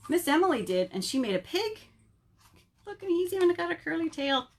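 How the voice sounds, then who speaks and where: A woman working as a children's librarian, reading a picture book aloud in an animated, sing-song way and asking the children questions, recorded at home. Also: very high voice, fairly quick. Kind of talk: storytime read-aloud for children.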